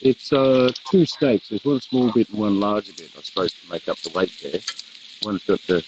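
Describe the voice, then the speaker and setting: A man's voice: lowish voice, fairly even intonation, normal speed, muffled recording, noisy background. A man co-hosting a live barbecue show, chatting casually and laughing easily while he grills. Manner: easygoing, laughs often, says "mate".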